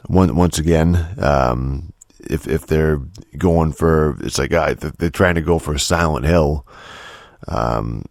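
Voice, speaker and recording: A man with an extremely deep voice hosts a solo podcast, rambling through a profane rant full of restarts and filler words. The sound is dry and close, with no room around it. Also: slow, darkish tone, no room sound. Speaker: podcast host.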